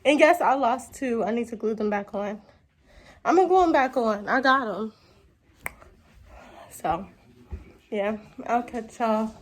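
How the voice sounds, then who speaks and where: A woman's voice: on the high side, unhurried, pauses often. A woman vlogger chatting casually and talking straight to her viewers. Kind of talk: casual vlog chat.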